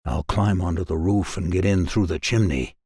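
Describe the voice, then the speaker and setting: A man's voice: low-pitched, moderate pace, a little mellow, husky, no room sound, studio quality. A man voicing a hungry, menacing big bad wolf in a storybook reading, with a growling, threatening manner.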